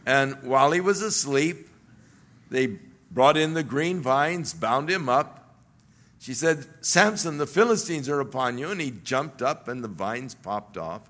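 Forceful, slow-speaking male preacher. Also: medium pitch, animated. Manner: earnest and emphatic, building to exclamations. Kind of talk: sermon.

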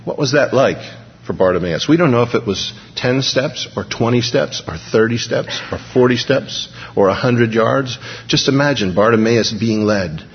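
A male preacher giving a sermon, dramatic, swinging between hushed and emphatic delivery. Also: mid-range voice, normal speed, slight background noise. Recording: dull recording, long hall reverb.

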